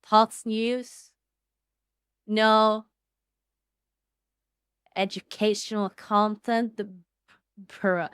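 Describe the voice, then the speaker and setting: A woman streaming casually, excitable and foul-mouthed, swinging between loud outbursts and low mumbling. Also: measured pace, smooth, dry recording, studio quality. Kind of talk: casual livestream chat.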